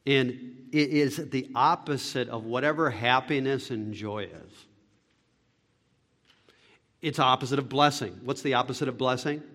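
Slow, dramatic preacher in a reverberant hall. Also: male voice, mid-range voice. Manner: dramatic preacher swinging between loud and hushed; slow, deliberate phrasing. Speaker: pastor. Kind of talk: sermon.

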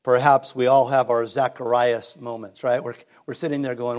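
A middle-aged man delivers a sermon to his congregation. His voice sits at an ordinary pitch for a man. His preaching is relaxed and conversational, rising to emphatic passages. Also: normal speed. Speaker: pastor. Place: church sanctuary.

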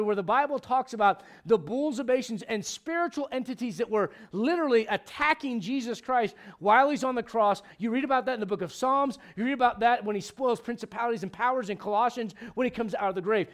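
During a midweek Bible study, a middle-aged pastor preaches in a lively, chatty style. Quick jokes aimed at the congregation pop up, along with sudden high-pitched bursts of emphasis.

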